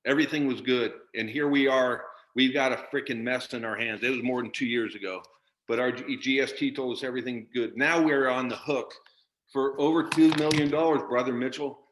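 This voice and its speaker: A man's voice: mid-range voice, steady tone, brisk, a bit bright. Angry guy venting on a zoom call, cussing, stumbling over words, echoey room. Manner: furious, swearing, repeating himself. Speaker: union member asking a question. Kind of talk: angry question at a virtual town hall. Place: video call.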